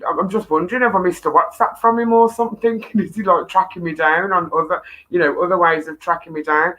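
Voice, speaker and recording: A woman's voice: on the low side, fairly even intonation, fast talker, fairly bright tone, poor audio. A woman hosting a live-stream chat show, affectionate and teasing with her viewers. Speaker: host. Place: home studio.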